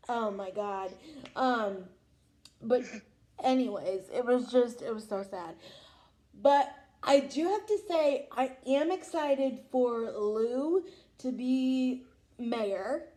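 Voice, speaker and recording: Gushing young woman with a mellow voice. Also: on the high side, slow. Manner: gushing, emotional, lots of "oh my God". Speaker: vlog host. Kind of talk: casual fan reaction chat.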